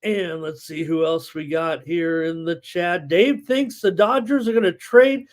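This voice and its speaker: A man's voice: fairly high pitch, a little slow. A man hosting a live sports betting stream, talking casually with frequent fillers and reading viewer chat aloud. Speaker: sports betting show host.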